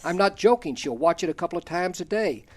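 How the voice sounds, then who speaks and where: Folksy high-voiced older man telling stories. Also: expressive, fast. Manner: folksy storyteller, dry humor, chuckles at own lines. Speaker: talk show host. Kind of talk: reading a personal column aloud, then casual chat.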